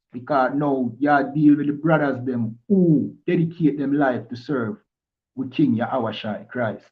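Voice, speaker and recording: A man with a Jamaican accent teaching from scripture in a preachy way, often stopping to ask if listeners understand. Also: a little high. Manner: preachy, keeps asking "you understand?". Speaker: religious teacher. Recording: tinny phone-like line.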